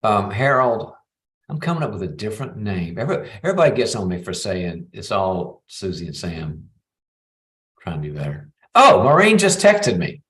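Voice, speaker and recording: Brief: middle-aged male advice host, lowish voice, chatty, role-plays both partners. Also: sing-song, moderate pace. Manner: warm coaching, acts out both sides of a talk. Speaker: psychologist host. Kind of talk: live call-in advice show.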